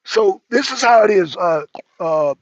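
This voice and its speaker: A man's voice: high-pitched, expressive, measured pace, no room sound, highs cut off. A man hosting a casual livestream talk show, rambling and slangy, often repeating himself.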